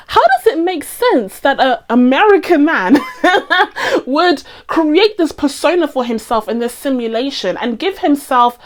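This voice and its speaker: A young British woman with a received pronunciation accent talks through movie reviews in a lively, casual way. Her voice sits a little high and swings widely in pitch as she stresses her points and breaks into laughs. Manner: animated, laughs often, emphatic. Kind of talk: casual film review chat.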